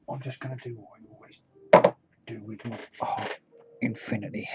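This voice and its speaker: A man's voice: mid-range voice, flat delivery, normal speed, pauses often, very noisy. A man streaming as he paints miniatures, chatting casually, muttering to himself and humming idly between remarks. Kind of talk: casual live-stream commentary while working. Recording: dull lo-fi stream audio.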